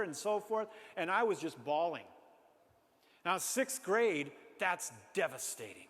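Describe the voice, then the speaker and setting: Man, high voice, animated self-mocking storyteller to a live crowd; long hall reverb. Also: a little slow. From Minnesota. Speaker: speaker. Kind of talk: storytelling talk to an audience. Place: large hall before an audience.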